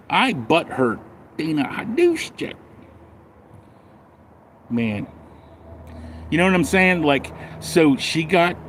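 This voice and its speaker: A man's voice: fairly high pitch, a little hiss or hum. A man ranting bluntly and sarcastically in a casual livestream, then rambling through viewer comments. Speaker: live streamer reading comments.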